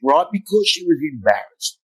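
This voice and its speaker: A man's voice: a little high, big pitch swings, normal speed, a bit bright, slightly rough, rough recording. A middle-aged man, a motivational speaker, telling blunt, humorous stories in an interview and swearing freely. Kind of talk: storytelling interview.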